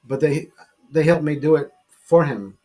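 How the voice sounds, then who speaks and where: A man's voice: a little high, normal speed, a little mellow, slightly rough, soft background music. A man hosting a casual show, telling a rambling, profane story with many restarts and repeated words. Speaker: host.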